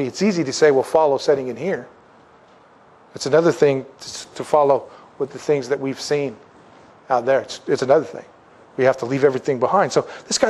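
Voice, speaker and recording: A male pastor delivers a sermon in a conversational way, voicing the people he quotes. His pitch and loudness swing widely as he preaches.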